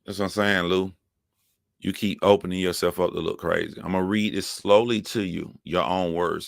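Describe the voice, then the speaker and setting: Man streamer, low forceful voice, dry close sound, profane emphatic ranting to chat. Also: fairly even intonation, normal speed, vocal fry, no room sound. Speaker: streamer commentator. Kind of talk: heated commentary to live chat.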